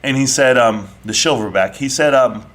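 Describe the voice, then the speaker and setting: A brash man hosts a live online audio chat, needling his caller with mocking jabs. His voice is bright and edgy, and he switches between fired-up arguing and sarcastic teasing. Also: mid-range voice, normal speed. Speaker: live stream host. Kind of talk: heated casual debate.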